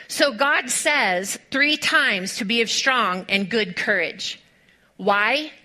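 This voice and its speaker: A woman preacher delivering a sermon to a congregation, telling stories with lively rhetorical questions and speaking directly to her listeners. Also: on the high side. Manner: animated storytelling with rhetorical questions.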